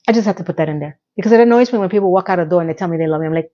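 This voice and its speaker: A woman recapping a TV episode in an animated, exasperated rant, sarcastic and talking straight to her viewers, a little hoarse from losing her voice. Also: lowish voice, rapid-fire, hardly any pauses, muffled recording. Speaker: TV recap vlogger.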